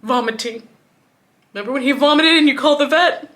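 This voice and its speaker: Grieving woman with a bright voice. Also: sits high, very fast. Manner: grieving, swinging from hushed to raised voice. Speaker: vlogger. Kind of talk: emotional personal story.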